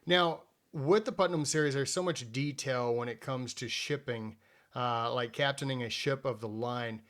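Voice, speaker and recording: A man's voice: medium pitch, normal speed, a bit bright. A man hosting a podcast, asking questions in a casual, friendly way. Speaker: podcast host. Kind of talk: interview questions.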